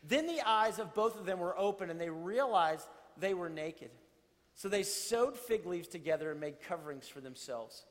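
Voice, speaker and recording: A man preaching a sermon to a congregation, conversational and animated, with playful asides. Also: high voice, moderate pace, in a large hall. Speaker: pastor.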